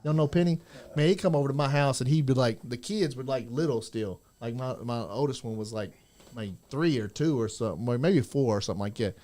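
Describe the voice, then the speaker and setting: A man in casual studio chat with old friends, telling profane, animated stories. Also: mid-range voice, brisk. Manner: storytelling, profane, laughing, quoting others. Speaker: host. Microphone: studio mic.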